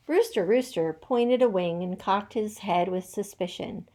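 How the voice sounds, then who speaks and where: A woman teacher reading a children's picture book aloud with lively, rhythmic storytelling. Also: mid-range voice, unhurried, few pauses.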